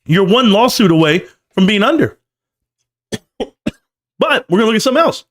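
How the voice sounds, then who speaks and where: Guy live streaming market commentary, a bit high-pitched, lecturing, keeps repeating the numbers for emphasis. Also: very animated, moderate pace, a bit bright. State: coughing, choked up.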